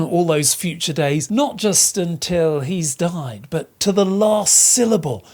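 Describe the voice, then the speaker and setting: A woman's voice: sits low, animated, slow pace, hardly any pauses, darkish tone. A woman teaching literature in an educational video. She explains the text and asks rhetorical questions to stress her points.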